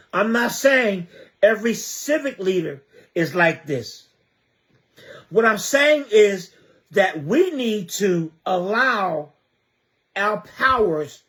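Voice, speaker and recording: High-pitched and a bit bright, this voice belongs to a community advocate from the Trenton area of New Jersey. He gives a fervent livestream monologue, pushing his arguments with rhetorical questions asked again and again.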